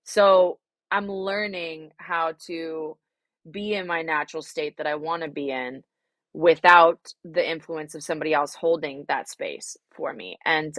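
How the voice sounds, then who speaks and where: A woman's voice: deep voice, a bit bright, no room sound. A young adult woman, a singer-songwriter, answering interview questions frankly and reflectively, with many fillers and some swearing.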